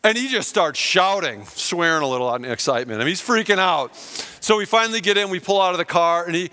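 A middle-aged man preaching a sermon, telling a personal story and acting out the lines of the people in it with big swings in loudness. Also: high voice, lively intonation, brisk. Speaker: pastor.

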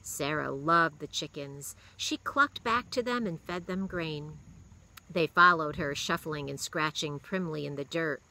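A woman reads a children's novel aloud with a steady, expressive delivery. Her voice is pitched a little low, yet the tone is bright and crisp. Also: low-quality recording. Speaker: reader.

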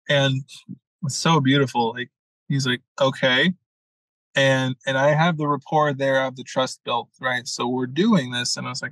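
A man's voice: mid-range voice, steady tone, moderate pace, pauses often, a bit bright, dry recording, low-quality recording. A young adult man, a mentor, telling a story in a casual podcast talk, acting out quotes and swearing freely. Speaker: masculine leadership mentor, guest.

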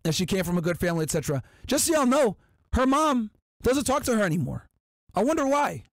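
A man's voice: high-pitched, big pitch swings, fast talker, no room sound, studio quality. A man hosting a podcast, reading out viewer chats and answering them in an emphatic, combative, profane way. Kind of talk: casual podcast chat.

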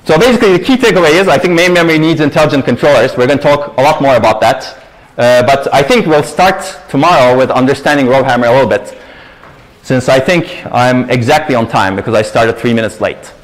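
A man's voice: mid-range voice, expressive, fast talker, rough recording. A man giving a university lecture and taking audience questions, emphatic and explanatory, often stressing his points. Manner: explanatory, emphatic, leans on "actually". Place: lecture hall.

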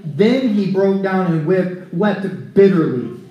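A man preaching a conversational sermon at a recovery ministry, telling scripture stories in an animated way. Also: high-pitched, measured pace. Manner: animated storytelling, acting out scripture scenes. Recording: echoey room.

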